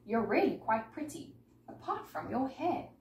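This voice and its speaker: Woman voicing a swaggering show-off scarecrow, storybook read-aloud, bouncy pitch, far from the mic. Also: sing-song, a little slow, gravelly, a little mellow, full character voice. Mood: boastful. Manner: swaggering, bragging. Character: boastful show-off male scarecrow. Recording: echoey room, mic far off, faint noise.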